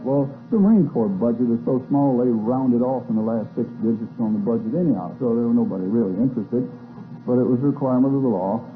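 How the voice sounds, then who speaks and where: An older man giving a lecture to a live audience, telling stories with wry, folksy asides. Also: mid-range voice. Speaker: speaker. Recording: tinny phone-like old tape with faint hiss.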